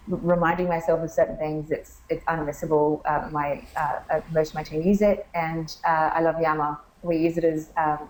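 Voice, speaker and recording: A woman's voice: deep voice, a little mellow, reverberant, a little hiss or hum, poor audio. A woman founder answering interview questions in a friendly, explanatory way, with frequent ums and restarts. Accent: has an accent she remarks on. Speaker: startup founder, interview guest. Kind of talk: conference interview, casual business talk. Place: conference venue.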